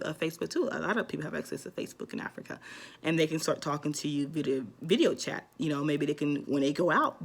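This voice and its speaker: A woman talking casually to her vlog audience, giving advice in a rambling way with lots of ums and restarts. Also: sits low. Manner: rambling, many fillers and restarts. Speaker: vlogger.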